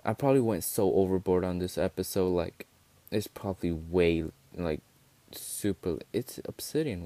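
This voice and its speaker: A man's voice: low-pitched, moderate pace, a little mellow, no echo. A man giving casual, rambling gameplay commentary, easily exasperated and swearing freely. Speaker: gaming video creator.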